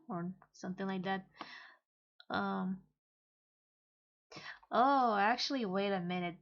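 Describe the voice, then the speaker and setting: A woman casually reading and translating a comic aloud, halting and hesitant with many pauses and fillers. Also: medium pitch, steady tone, dull audio. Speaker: manga reader and translator.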